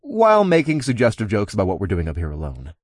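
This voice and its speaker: Low-voiced man narrating an audiobook. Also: huge pitch swings, fast, no room sound, studio quality. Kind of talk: first-person scripted narration.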